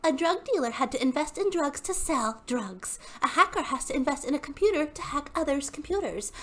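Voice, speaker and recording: A woman's voice: high-pitched, animated, a little fast, fairly bright tone, pitched above the performer's own voice. A woman voicing a peppy female MLM seller as she reads the seller's posts aloud in an upbeat, salesy way.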